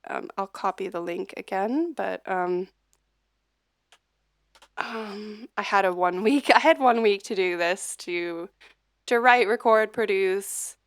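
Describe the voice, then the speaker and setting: A woman's voice: medium pitch, takes it slowly, dry recording, studio quality. A woman streaming live as a musician, chatting casually with many fillers and restarts. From United States. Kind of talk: casual livestream chat.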